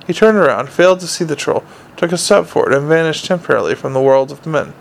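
Male narrator, measured and steady, slightly higher voice. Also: gravelly, rough recording. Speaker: audiobook narrator. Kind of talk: scripted narration.

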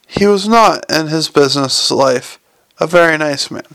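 A man's voice: a little high, moderate pace, vocal fry, fairly bright tone, no echo. A man voicing a cynical, snappish old lady. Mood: dry, cynical. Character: sharp-tongued wealthy old woman bank owner.

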